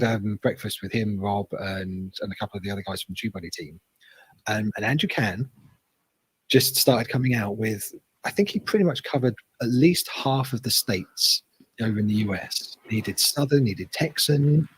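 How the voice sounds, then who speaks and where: A man's voice: lowish voice, normal speed, slightly rough, rough recording. A British man from England, chatting casually as a guest and explaining slang with easy humor. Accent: British English. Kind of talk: casual chat.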